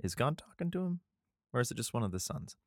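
A man's voice: mid-range voice, sing-song, fast, no echo, clean studio sound. A man casually reading scripture aloud and riffing on it, rambling, laughing often and swearing freely. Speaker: reader commenting on scripture.

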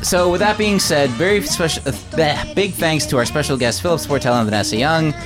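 A man's voice: fairly high pitch, fairly quick, over music. A man hosting a podcast in casual chat, rambling with fillers and restarts. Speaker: podcast host.

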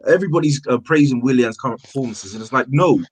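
A man's voice: medium pitch, fast, slightly rough, dry recording, poor audio. A frustrated man in a heated casual football chat, stammering, repeating words and swearing. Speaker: football fan panelist. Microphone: own mic on an online call.

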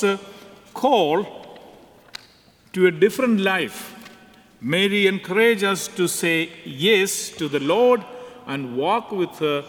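A man's voice: high-pitched, a bit bright. A man preaching a conversational homily in a church, with non-native phrasing. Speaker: priest. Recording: reverberant church hall.

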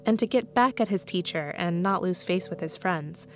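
A woman hosting a podcast, giving scripted narration in a clear, guiding tone. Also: fairly low pitch, normal speed, faint music behind. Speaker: podcast host.

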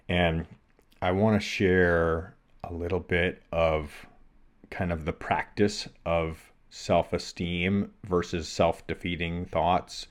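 A middle-aged man, a podcast co-host, telling a thoughtful personal story and acting out the voices in his head. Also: sits low. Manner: thoughtful, acts out inner voices while telling stories. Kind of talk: reflective conversational storytelling.

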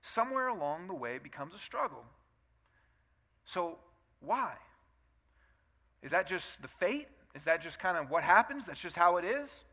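A man's voice: high-pitched, big pitch swings, moderate pace, long pauses, bright, forceful tone. A man in his thirties preaching a sermon in a conversational way, asking rhetorical questions and acting out both sides of everyday arguments. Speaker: pastor.

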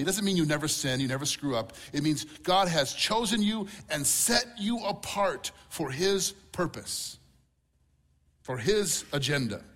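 A man's voice: fairly high pitch, a bit bright, slightly rough. A middle-aged man preaching a sermon as pastor, earnest and repeating key words for emphasis.

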